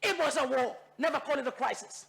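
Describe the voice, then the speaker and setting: In a parliament chamber, a female MP from Bougainville, Papua New Guinea, argues passionately in a debate. Her voice is high, gravelly and forceful, her pace fairly quick, and her accent from Bougainville. She repeats phrases to drive points home and switches into Tok Pisin phrases.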